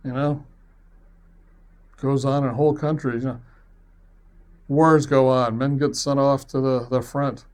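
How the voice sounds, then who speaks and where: A man of medium pitch recounting a story from his own life. He rambles along in a loose, conversational way, self-deprecating, with an easy chuckle here and there. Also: little pitch movement, unhurried, pauses often, darkish tone. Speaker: web series producer. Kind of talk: personal storytelling.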